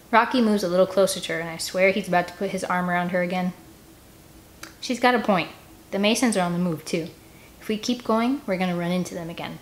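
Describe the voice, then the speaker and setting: A woman reading a children's novel aloud in first person, gentle and expressive. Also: on the low side, brisk. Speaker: audiobook reader. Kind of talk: first-person storybook narration.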